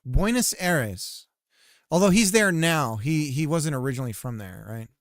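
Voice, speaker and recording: A man's voice: a little high, animated, normal speed, no room sound, clean studio sound. A man game developer livestreaming, chatting casually while coding, rambling and self-mocking with frequent laughs.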